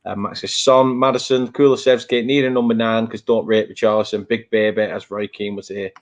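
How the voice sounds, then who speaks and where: A man's voice: on the low side, steady tone, brisk, dull audio. Man, Northern English accent, football prediction host, jokey banter, laughs often. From Northern England. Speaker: show host. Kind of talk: casual football prediction chat.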